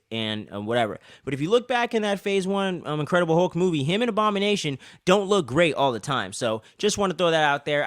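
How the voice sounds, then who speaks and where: A man co-hosting a casual review show, rambling and swearing as an excited fan. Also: fairly high pitch, dry recording, clean studio sound. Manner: rambling, profane, excitable fan talk with many fillers. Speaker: podcast co-host reviewing an episode.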